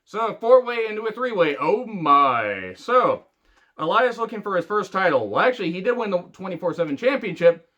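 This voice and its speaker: A man's voice: high voice, very animated, normal speed, bright, forceful tone, muffled recording. A man ranting angrily and sarcastically in a wrestling review, swearing heavily. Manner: angry, sarcastic, heavy swearing. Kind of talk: profane rant review.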